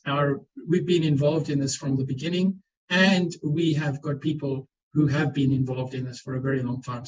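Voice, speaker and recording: A man's voice: a little high, a little mellow, slightly rough, lo-fi sound. A man speaking as a panellist on a webinar, answering questions earnestly and often repeating words as he restarts. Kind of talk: explanatory webinar talk. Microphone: video call.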